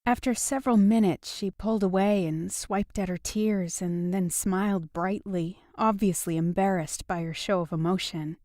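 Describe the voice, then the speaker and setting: A woman with a mid-range voice narrates a romance audiobook from a script, keeping an even, measured delivery. The studio-quality recording has no room sound.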